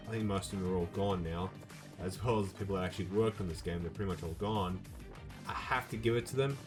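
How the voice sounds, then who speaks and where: Young man, lowish voice, casual gaming chat, lots of ums, faint music behind. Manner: rambling, with many fillers and restarts. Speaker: gaming video host.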